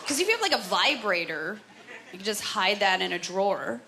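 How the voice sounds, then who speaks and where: This Canadian comedian's medium-pitched voice is gravelly, bright, and forceful, with a sing-song lilt at a fairly quick clip. On a noisy comedy club stage with the audience laughing, she chats, pokes fun at herself, and voices characters, captured in a live recording.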